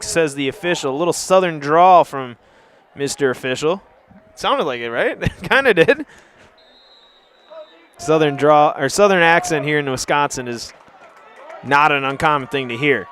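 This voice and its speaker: A man calling a live high school football game play by play, brisk and chatty, surging to shouts on big plays. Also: lively intonation. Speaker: play-by-play announcer.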